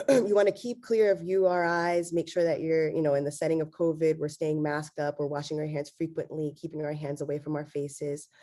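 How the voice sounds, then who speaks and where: A woman's voice: low-pitched, fairly quick. A woman laryngologist giving an online medical lecture, with a congested, nasal voice and frequent "um"s. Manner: steady explanatory delivery with frequent fillers.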